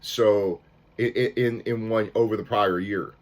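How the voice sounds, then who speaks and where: A man's voice: fairly low pitch, steady tone, unhurried. A man ranting to camera as a record collector, fired up and frustrated, with many restarts and mild cursing. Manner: fired-up, repetitive restarts, swears mildly. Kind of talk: casual rant to camera.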